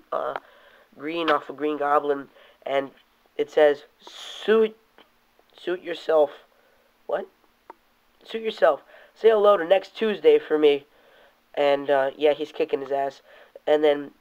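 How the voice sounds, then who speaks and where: A young man rambles through a casual toy review, swearing offhandedly. His voice sits a bit high. The sound is dull and lo-fi, like an old home video. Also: smooth. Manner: rambling, reads comic panels aloud in put-on voices, curses casually.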